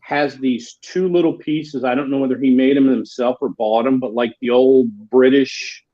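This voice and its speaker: A man's voice: medium pitch, fairly even intonation, normal speed, dark tone. A man telling stories and joking as a guest on a casual panel. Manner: storytelling, jokey. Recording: dull lo-fi mic.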